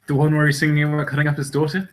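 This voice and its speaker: A man's voice: on the high side, monotone, racing, rough recording. A man co-hosting a casual podcast chat, rambling and hesitant, often restarting his sentences. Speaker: podcast co-host.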